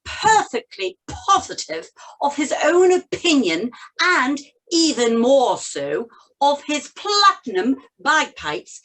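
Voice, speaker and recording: A woman putting on a posh received pronunciation accent, reading a tongue-twister slowly, loudly and very crisply. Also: sits high, very animated, pitched above the performer's own voice, heavily acted, rough recording. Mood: grand. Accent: received pronunciation, put on. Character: posh upper-class English woman reading aloud. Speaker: workshop participant.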